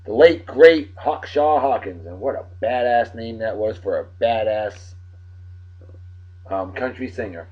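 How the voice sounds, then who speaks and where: A man from Massachusetts with a Massachusetts accent, hosting a casual solo show, rowdy and boastful, breaking into loud whoops. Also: medium pitch, lively intonation, unhurried, lo-fi sound. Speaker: host.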